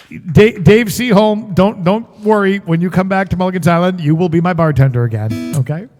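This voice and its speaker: Chatty music-stream host, a man with a high voice and a guitar behind him, some hall reverb. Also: normal speed, darkish tone. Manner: chatty, joking, greets viewers by name. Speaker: musician and livestream show host. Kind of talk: casual chat with viewers.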